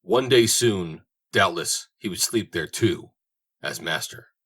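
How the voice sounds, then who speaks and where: A man reading a western novel aloud in a steady, storytelling manner. His voice is deep and low-pitched, with measured, even delivery through the action. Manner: steady storytelling, voicing each character. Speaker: audiobook narrator. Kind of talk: audiobook narration.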